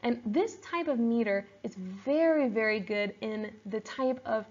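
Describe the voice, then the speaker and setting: A woman teacher explaining poetry in a steady, explanatory lesson, sometimes reading verse aloud slowly. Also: fairly high pitch, highs cut off. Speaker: English teacher.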